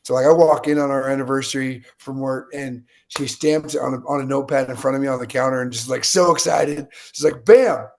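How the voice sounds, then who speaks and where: A man's voice: medium pitch, fast talker, gravelly, few pauses. A man from the United States, a guest in an interview, telling stories with energy and acting out the lines of people in them. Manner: energetic, animated storyteller acting out quotes. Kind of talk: interview storytelling.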